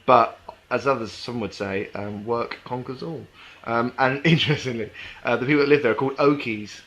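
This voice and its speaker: A man's voice: mid-range voice, normal speed, fairly bright tone. A man co-hosting a podcast in casual chat, jokey and rambling, laughing often. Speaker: podcast co-host.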